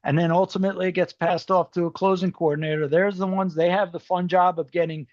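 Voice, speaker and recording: A man's voice: high-pitched, level tone, fast, dry recording, muffled recording. A man presenting a seminar to an audience, explaining things casually with lots of fillers and frequent "okay?" check-ins, his voice a bit worn. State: voice starting to go. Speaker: mortgage specialist presenting a seminar.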